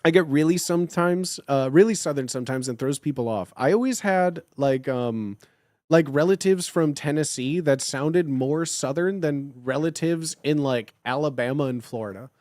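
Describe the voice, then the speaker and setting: A man from Illinois with a Chicago accent chats loosely on a live stream, drifting between topics and padding his sentences with "like". His voice sits on the higher side for a man. The recording is close and dry. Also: moderate pace, a little mellow, no echo. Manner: rambling, lots of filler "like". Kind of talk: casual stream chat.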